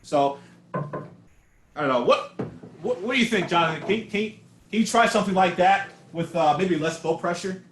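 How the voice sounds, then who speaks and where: A man coaching a bass student online in a loose, searching way, often repeating words as he thinks. His voice sits high, and the call picks up a roomy echo with bass notes now and then. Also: normal speed, long pauses, slight background noise. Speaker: bass teacher. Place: home room on a video call. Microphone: video call mic. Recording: echoey room over a video call.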